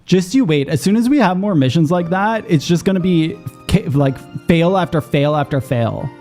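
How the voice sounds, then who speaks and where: Guy streaming a game, swears a lot, gets shrieky and loud when stuff surprises him, kinda high voice, faint game music under it. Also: animated, normal speed. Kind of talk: reacting to a game, casual commentary.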